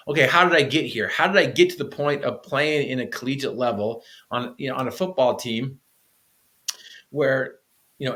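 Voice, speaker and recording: A man's voice: mid-range voice, pushed and bright. A man, a podcast guest, earnestly telling a personal story with frequent restarts.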